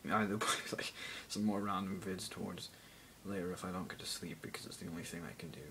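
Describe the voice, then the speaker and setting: A man's voice: deep voice, steady tone, fast talker, fairly bright tone, a little hiss or hum, poor audio. A teenage boy rambling jokily into a phone camera, going off on random tangents. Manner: random, jokey, self-mocking, mutters asides. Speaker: vlogger. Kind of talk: rambling casual vlog.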